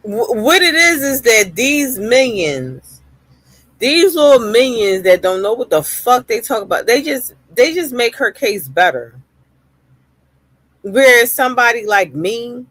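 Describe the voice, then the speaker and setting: A woman's voice: a little high, sing-song, unhurried, fairly bright tone, no room sound. A woman streamer ranting heatedly in live-stream reaction commentary, swearing often and repeating phrases for emphasis.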